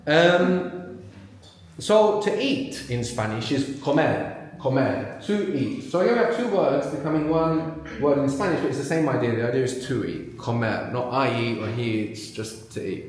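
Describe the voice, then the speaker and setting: Male teacher, mid pitch, leads a live room with brisk prompts; very reverberant hall sound. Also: expressive. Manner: prompting, quick explanations with pauses for answers. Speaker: language teacher leading a live workshop. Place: large room with a live audience. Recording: very echoey room.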